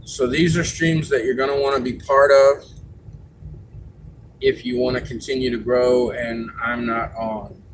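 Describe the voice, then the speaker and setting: A man with a medium-pitched voice talks casually on his live stream. He rambles a bit and pauses with fillers as he gives advice to viewers. Faint background noise sits under the voice. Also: level tone, poor audio.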